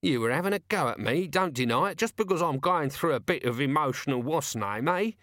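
A man's voice: fairly high pitch, lively intonation, brisk, fairly bright tone, dry recording, clean studio sound, pitched above the performer's own voice. A man voicing a cheeky, grumbling scruffy male corporal in an audiobook. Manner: whiny, cheeky.

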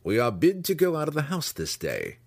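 A man voicing a terse male drow weapons master in an audiobook reading, speaking in short, measured lines. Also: on the high side, wildly swooping pitch, vocal fry, no echo, voice pushed up, exaggerated voice. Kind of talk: audiobook character voice.

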